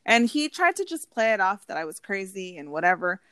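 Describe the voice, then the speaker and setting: A woman's voice: medium pitch, big pitch swings, a little fast, fairly bright tone, smooth, no room sound. A woman in casual conversation, telling a personal story bluntly with heavy swearing and quoting what people said. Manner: blunt and profane, storytelling with quoted voices. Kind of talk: casual chat.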